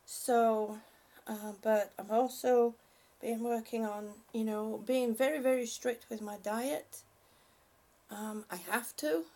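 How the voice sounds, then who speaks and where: A woman's voice: on the high side, fairly even intonation, slow, warm tone. A woman on a live stream reading out viewer comments and thanking them, emotional and laughing often, a little short of breath.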